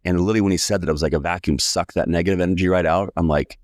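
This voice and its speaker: Talking rapid-fire in a deep voice, an American man in his forties, a sales coach, recounts a lively personal story during a podcast interview and mimics the people he quotes. The recording has no room sound.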